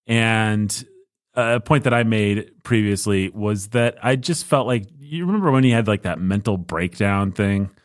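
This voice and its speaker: A man's voice: lowish voice, measured pace, no echo, clean studio sound. A man co-hosting a podcast, chatting casually in a rambling, jokey way that keeps restarting sentences. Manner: rambling, self-interrupting, jokey. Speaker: podcast co-host.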